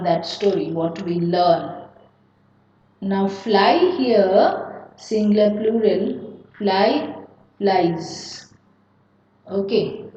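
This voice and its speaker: A woman teacher with an Indian English accent drills word pairs in a slow, deliberate classroom manner. She sounds far from the mic in a strongly echoing room. The recording is dull and lo-fi. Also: mid-range voice, dark tone, a little hiss or hum. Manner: slow, repeats each word pair, warns students to be careful. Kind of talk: classroom grammar lecture.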